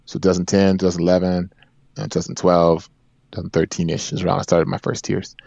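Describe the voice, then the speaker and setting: This podcast guest, a man in his forties, speaks fast in a deep, warm voice with vocal fry and a flat delivery. He recounts a personal story with earnest emphasis and repeated phrases, captured in a dry, echo-free, dull lo-fi recording.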